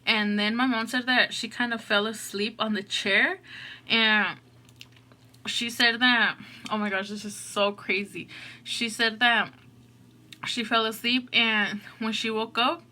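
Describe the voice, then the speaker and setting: Woman vlogging, kinda high bright voice, rambly, says like and oh my gosh constantly. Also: fairly even intonation, unhurried. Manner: rambling, filler-heavy, lots of "like" and "oh my gosh". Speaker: eating show host. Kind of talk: casual storytelling chat.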